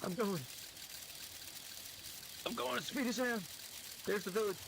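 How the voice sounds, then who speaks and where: A man's voice: sits high, a little slow, creaky, background noise. A man playing a game and talking to himself in a rambling, casual way. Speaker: gamer playing and reading aloud. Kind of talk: casual gaming commentary.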